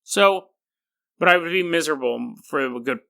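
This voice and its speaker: A man in his thirties hosting a podcast, telling stories in an animated, rambling way and laughing often. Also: fairly high pitch, normal speed, gravelly. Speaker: podcast host. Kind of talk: casual podcast monologue.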